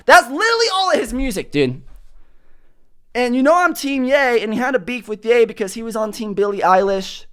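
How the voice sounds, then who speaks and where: A man hosting a comedy podcast, telling stories in a loud, prominent voice that carries, with plenty of cursing. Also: very high-pitched, moderate pace. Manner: animated storytelling with cursing. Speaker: podcast host. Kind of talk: comedic monologue. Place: studio.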